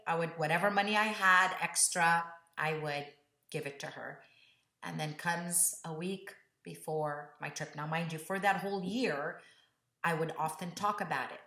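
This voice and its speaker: A woman vlogger telling a personal story in an animated, earnest way. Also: low-pitched, unhurried, echoey room.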